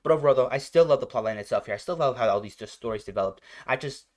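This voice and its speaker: A man's voice: medium pitch, very fast. A young man hosting a reaction video, chatting casually and rambling with lots of filler words. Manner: rambling, full of "like" and "you know".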